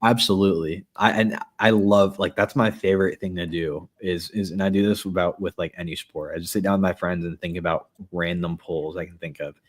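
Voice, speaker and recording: A man hosting a sports podcast in a relaxed, joking, chatty way. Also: sits low, brisk, few pauses. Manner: relaxed, joking, upbeat sign-off. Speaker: podcast host. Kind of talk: casual podcast chat.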